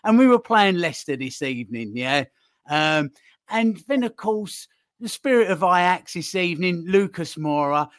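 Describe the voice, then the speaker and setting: A man's voice: high-pitched, lively intonation, normal speed, fairly bright tone, dry recording. A man running a jokey game-show quiz on a fan podcast, with playful mock-presenter patter.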